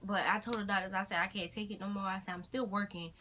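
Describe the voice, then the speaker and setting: Lively young woman telling a story. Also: quick pace. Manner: animated, acts out her own crying in high-pitched quotes. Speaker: vlogger. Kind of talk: casual storytelling. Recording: faint background noise.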